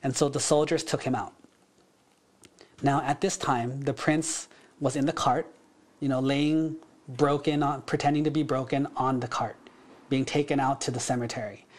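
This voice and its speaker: A man, a monk teaching a class, telling a story in a relaxed, conversational way with frequent fillers. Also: medium pitch, normal speed. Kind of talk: casual storytelling.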